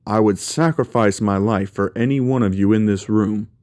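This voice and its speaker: Rich: A blunt, commanding king of the gods, stern and scolding, who does not soften his words , voiced by a man. The voice sits low and sounds close and dry. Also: normal speed, no room sound, lightly acted.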